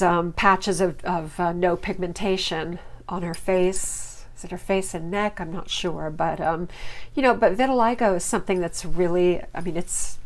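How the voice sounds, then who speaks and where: A woman hosting a casual TV recap podcast, chatting and gossiping with lots of ums, and jumping high on her punchlines. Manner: animated, with sudden high jumps on punchlines. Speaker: podcast host.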